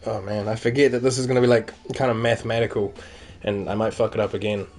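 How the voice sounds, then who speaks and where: A man's voice: lowish voice, level tone, fast, a little mellow. A man giving wry, offhand commentary while playing a video game, swearing now and then. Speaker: gamer. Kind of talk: casual gameplay commentary.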